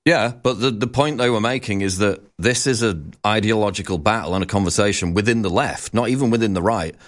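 A man co-hosting a talk show, laying out points in a measured, explanatory way. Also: on the low side.

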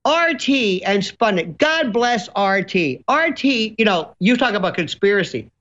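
Man, fairly high-pitched, lively sarcastic ranter, ornate wording. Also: dull audio. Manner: theatrical, ornate vocabulary, rapid sarcastic rants. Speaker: guest commentator. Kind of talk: animated ranting chat.

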